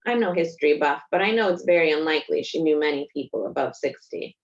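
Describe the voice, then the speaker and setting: A woman's voice: low-pitched, fast talker, hardly any pauses, muffled recording. A woman author reading a first-person passage from her own novel in a reflective narrating manner.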